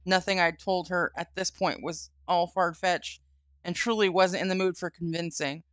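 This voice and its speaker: A woman's voice: lowish voice, steady tone, moderate pace, fairly bright tone, no echo. A woman streamer reading a horror story aloud and chatting, giggly and casual. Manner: giggly, reads aloud with quoted voices.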